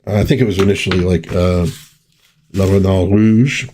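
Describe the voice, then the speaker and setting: Man, middle-aged, lowish voice, casual live-stream host, enthusiastic, rambling. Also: moderate pace, dark tone, slight background noise. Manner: rambling, enthusiastic, many fillers.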